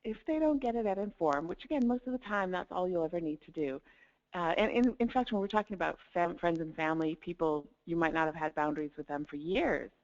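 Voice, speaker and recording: A woman's voice: on the low side, quick pace. Upbeat woman coaching over dull webinar audio. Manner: upbeat, laughs lightly between points, demonstrates tones of voice. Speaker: life coach presenting a webinar. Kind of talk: webinar talk.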